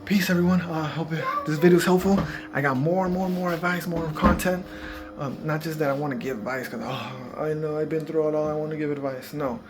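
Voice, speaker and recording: A man's voice: fairly high pitch, steady tone, a little fast. A man giving casual, profanity-heavy parenting advice in a rambling, laid-back vlog monologue. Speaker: parenting vlogger.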